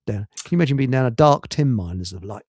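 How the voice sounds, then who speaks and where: A man's voice: mid-range voice, expressive, fast talker, a little mellow, slightly rough, no room sound, studio quality. A man hosting a live radio chat with a Hertfordshire accent, joking and rambling with many fillers and restarts. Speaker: radio show host.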